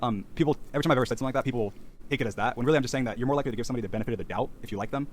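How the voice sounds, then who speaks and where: Very fast-talking young-sounding man. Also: medium pitch, slight background noise. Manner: rushed, self-defending, many restarts and ums. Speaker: content creator in a played clip. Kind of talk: casual explanatory monologue.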